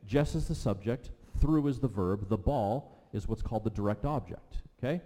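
A middle-aged man delivers a teaching sermon in a mellow, relaxed voice. He talks conversationally, asking the congregation questions and tagging points with "okay" and "right." His voice rings with the long reverb of a large hall. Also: on the low side, normal speed. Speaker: pastor.

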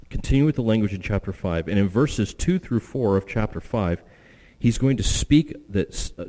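Man preaching in a reverberant church. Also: warm tone. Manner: emphatic, rising in pitch and volume when quoting. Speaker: pastor. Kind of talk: sermon. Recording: long hall reverb.

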